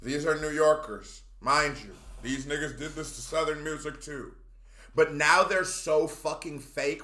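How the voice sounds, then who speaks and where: Male reaction host, high and bright, impassioned rants, echoey room. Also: moderate pace. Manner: impassioned, ranting, shouts at times. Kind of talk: animated reaction commentary.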